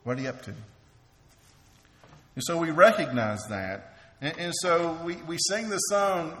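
A man's voice: mid-range voice, expressive, unhurried, creaky, a bit bright. A man preaching a sermon in an earnest way, often repeating words as he restarts. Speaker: preacher and teacher. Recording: echoey hall with faint ambience.

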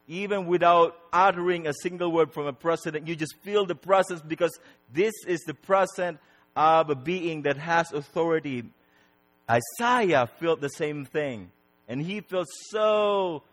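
A man preaching a sermon, repeating words for emphasis and swinging between loud and soft. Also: a little high, long reverb tail.

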